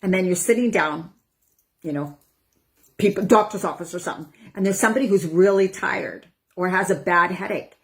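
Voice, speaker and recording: A woman over forty, a wellness coach, talking casually to her viewers, chatty and acting out her own inner voices with breathy sighs. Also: on the low side, moderate pace. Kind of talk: casual talk to camera.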